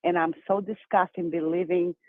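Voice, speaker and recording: A woman from Brazil with a Brazilian accent, calling in to a show and talking fast and emphatically. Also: fairly low pitch, no room sound. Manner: fast, excited, emphatic talker. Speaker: caller. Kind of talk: call-in phone chat. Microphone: telephone. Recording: tinny dry phone line.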